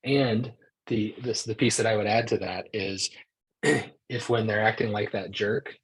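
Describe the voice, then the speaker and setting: A man, a psychologist and author, speaking as a podcast guest in a soft-spoken, reflective way, telling calm anecdotes. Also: fairly low pitch, unhurried, slightly rough, poor audio. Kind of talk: casual podcast conversation.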